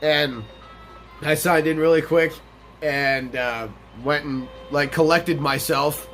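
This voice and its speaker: A young man with a fairly high voice rambles through a let's-play, mixing game chatter with a long, profane anecdote. He talks casually and animatedly. Faint game music plays under his voice. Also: fairly even intonation, takes it slowly, a bit bright. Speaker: gaming channel host.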